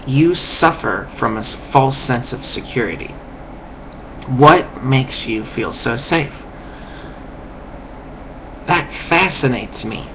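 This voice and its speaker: A man's voice: medium pitch, animated, takes it slowly, gravelly, long pauses. A man in a rambling, contemptuous rant to camera, full of restarts and swearing. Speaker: vlogger. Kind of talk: ranting monologue. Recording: dull lo-fi recording with faint hiss.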